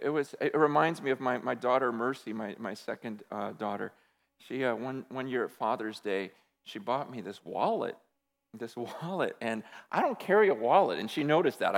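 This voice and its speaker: Animated male preacher in a reverberant hall. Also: high-pitched. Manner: animated storytelling, acts out quotes, swings from loud to hushed. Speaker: pastor. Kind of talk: sermon.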